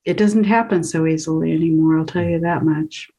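Husky-voiced woman telling her story. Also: low voice, steady tone, fairly quick, dark tone, rough recording. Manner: earnest, laughs often while recounting. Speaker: guest, author of a book. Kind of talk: casual interview storytelling.

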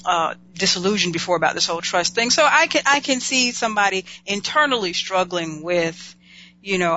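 A host with a bright, forward voice asks reflective, measured questions and keeps up a steady stream of listening sounds. The recording is dull and lo-fi. A faint hum runs underneath it. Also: mid-range voice. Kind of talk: casual talk show conversation.

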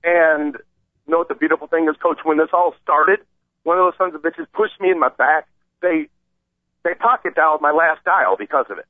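A man calling in to a radio show and telling an animated, rambling story, acting out the voices of the people in it. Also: a little high, brisk, no echo. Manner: excited, acts out quoted voices, rambling. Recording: tinny phone line, dry.

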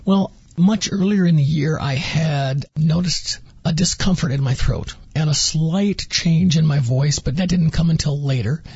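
A man's voice: fairly high pitch, a little slow, few pauses, a little mellow, breathy edge, dry recording, lo-fi sound. A man guest on a radio interview, earnestly recounting his experience and acting out quoted dialogue. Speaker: interview guest, former patient.

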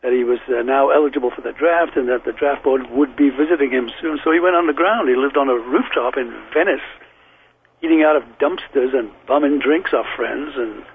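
A man's voice: medium pitch, fairly quick. An older man with a Liverpool accent, a guest recalling old memories at length in a rambling, anecdotal way. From England. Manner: rambling and anecdotal, with frequent restarts. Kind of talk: telling memories in an interview. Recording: tinny phone line with faint hiss.

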